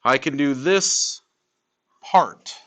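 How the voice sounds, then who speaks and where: A man teaching a high school math class in a classroom, lecturing with emphasis and repeating key points for his students. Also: very slow, a bit bright.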